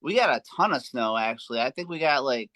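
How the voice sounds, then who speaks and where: A man's voice: medium pitch, lively intonation, fast, bright, forceful tone, no echo, studio quality. A man from Binghamton, New York, a podcast guest answering in short, easygoing replies. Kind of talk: casual podcast interview.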